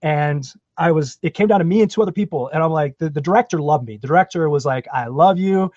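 A man from Florida telling his career story in a podcast interview, animated and self-deprecating. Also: on the high side, fast, dry recording, lo-fi sound. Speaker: guest, actor.

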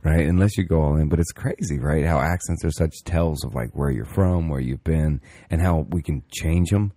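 A man's voice: very deep voice, normal speed, warm tone, no echo, clean studio sound. A man in casual chat as a podcast co-host, laid-back and swearing freely.

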